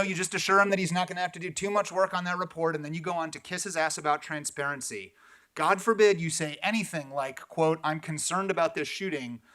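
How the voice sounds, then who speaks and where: A man's voice: on the high side, pushed and bright. A man giving a sarcastic, pointed public comment at a police commission meeting.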